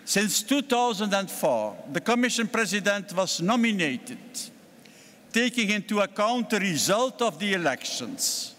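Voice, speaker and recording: An older man with a Belgian accent giving a formal political speech at a party congress, measured and deliberate with emphatic stresses. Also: high voice, very animated, fairly bright tone. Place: large congress hall. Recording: long hall reverb from a congress venue.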